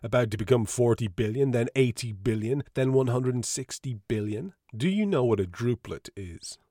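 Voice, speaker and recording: A man doing a smooth, lecturing old doctor. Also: medium pitch, expressive, warm tone, no room sound, studio quality, pitched above the performer's own voice, close to an everyday voice. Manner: lecturing, brisk and emphatic. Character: composed older male doctor, smoothly persuasive.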